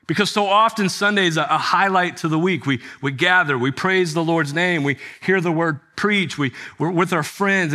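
A male pastor, an adult with children, preaches a sermon in a bright, slightly high voice. He speaks conversationally, asks his listeners rhetorical questions, and explains scripture in a forceful, clear tone.

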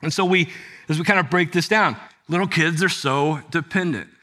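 In a sermon delivered at a moderate pace, a male pastor with children uses a bright, somewhat high voice. His manner is conversational but forceful and clear as he unpacks scripture and puts rhetorical questions to listeners.

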